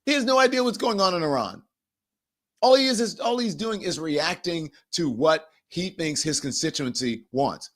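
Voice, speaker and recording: A man hosting a political commentary show, incredulous and animated, often laughing between remarks. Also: a little high, normal speed. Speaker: host.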